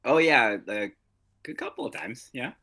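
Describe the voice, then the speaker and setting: A man's voice: medium pitch, very animated, normal speed, pushed and bright. A man co-hosting a podcast, chatting playfully and giggling as he recaps a TV episode. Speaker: podcast co-host. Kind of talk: casual comedic recap chat.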